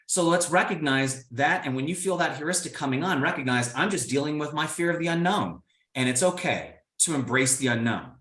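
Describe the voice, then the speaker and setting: A man from Indiana, United States gives a motivational keynote, playful and animated, speaking straight to his audience. His voice is a little high and a little fast, and the sound is reverberant.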